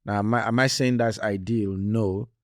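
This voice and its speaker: A man with a fairly low voice co-hosts a casual football chat, making his points with emphasis and saying them again. The sound is close and dry, with no room around it. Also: fairly even intonation, normal speed, no room sound. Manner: conversational, emphatic, repeats points. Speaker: podcast co-host.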